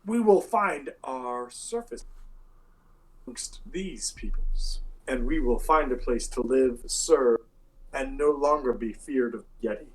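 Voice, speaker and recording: A man's voice: medium pitch, lively intonation, slow pace, husky, rough recording. A man voicing Trex, an earnest male kobold leader in a tabletop game, urgent and pleading.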